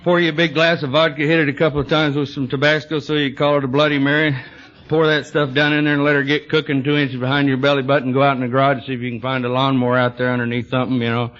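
A man tells tall, funny stories to a meeting audience in a dry, drawling storytelling voice. His voice is mid-pitched and plain. The sound comes from a dull, lo-fi old tape recording. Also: flat delivery, fast talker, a bit bright. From Texas. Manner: dry, drawling humor with frequent "you know". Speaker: recovery speaker.

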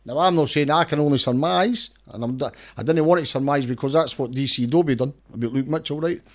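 A man's voice: a little high, fast talker. A middle-aged man with a Scottish accent, talking as an interview guest in an emphatic way, often restarting and repeating words and checking "right?". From Scotland. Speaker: campaigner and lawyer, interview guest. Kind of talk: casual interview talk.

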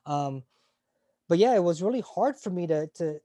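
Frank, profane man with a mellow voice. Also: high voice, expressive, no room sound. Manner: frank and emotional, swears freely, halting restarts. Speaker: interview guest, retired Navy corpsman. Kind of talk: candid conversational storytelling.

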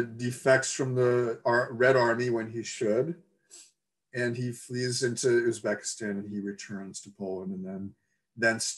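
A man giving an academic talk, measured and reflective, reading excerpts aloud with occasional fillers. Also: medium pitch. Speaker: lecturer.

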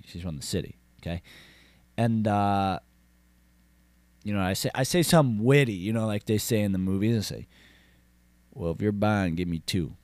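A man voicing a boastful cowboy rancher who swears and rambles in a low Southern drawl. His tough-guy bravado keeps looping back to the same lines in a deadpan comic monologue. The voice is recorded dry, with no room sound. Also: no echo. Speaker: comedy character host.

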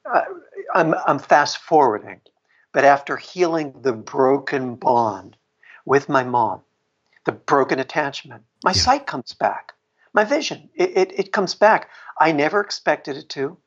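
A man's voice: on the high side, animated, measured pace, fairly bright tone. A middle-aged man, an author and guest, telling a personal story in an interview in a reflective way, laughing often and restarting sentences. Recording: dull lo-fi sound.

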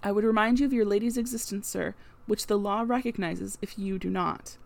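A woman reading the part of a composed male lawyer who speaks calmly and distinctly in an audiobook. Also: medium pitch, fairly quick, gravelly, close to an everyday voice. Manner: calm, distinct and steady. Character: calm precise male lawyer.

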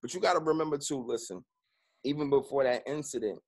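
A man's voice: medium pitch, fast talker, breathy edge. A man, a guest speaking candidly and profanely in an interview, with constant "you know what I'm saying".

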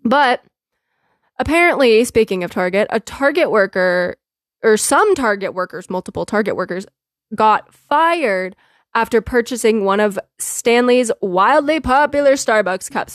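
A woman hosting a podcast, telling a funny story in a casual, animated way and often laughing. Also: a little high, normal speed, dry recording, clean studio sound. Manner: animated, laughing often, quotes herself and others. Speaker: podcast host.

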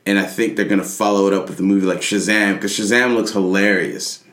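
A man's voice: on the low side, steady tone, quick pace, a bit bright, echoey room. A man co-hosting a podcast, giving enthusiastic opinions in casual chat. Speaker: podcast co-host. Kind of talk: casual chat about comics.

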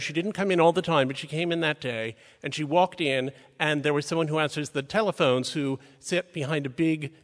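A man's voice: on the high side, a bit bright. A man telling a true story on stage in a wry, precise, self-mocking way. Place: stage in a large hall. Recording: live hall reverb.

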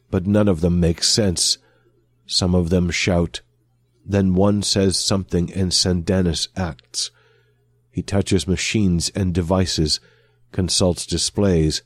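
A man reading a science fiction story aloud as narrator in a slow, even storytelling manner. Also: deep voice, no room sound. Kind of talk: scripted audiobook narration.

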